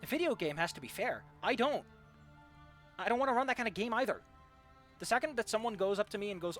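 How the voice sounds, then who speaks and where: Fast-talking, ranting young male streamer. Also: high voice, very animated, fairly bright tone, faint music behind. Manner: ranting, sarcastic, swears freely. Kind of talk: casual gaming stream chat.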